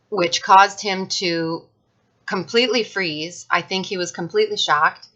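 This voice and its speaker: Woman venting to camera, lower pitch but bright and forceful, kinda muffled lo-fi sound. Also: moderate pace. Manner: frank and emphatic, with frequent fillers and restarts. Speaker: vlogger sharing personal experience. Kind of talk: casual personal talk to camera.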